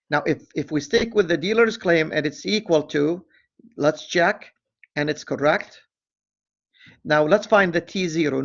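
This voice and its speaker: This slightly high, gravelly male voice comes through a muffled recording of a statistics lesson captured on screen. Working deliberately, he reads the problem out loud and drops self-correcting asides along the way.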